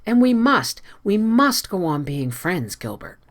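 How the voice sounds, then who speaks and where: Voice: big pitch swings, normal speed. A reader voicing an imaginative, emotional young woman in an audiobook, speaking in a raised, pleading way. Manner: breathless, pleading, high-strung. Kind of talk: audiobook character voice.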